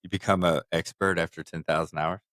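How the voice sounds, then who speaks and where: Deep voice guy in his 40s, thoughtful podcast co-host, dry mic. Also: steady tone, fairly bright tone, dry recording. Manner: reflective, advice-giving, measured. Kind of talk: candid casual chat.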